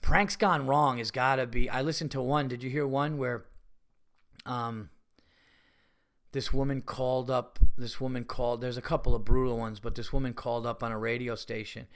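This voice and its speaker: A man hosting a podcast, telling rambling stories in casual chat. He swears often and gets loud and excitable. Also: medium pitch, normal speed. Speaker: podcast host and comedian. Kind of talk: casual storytelling monologue.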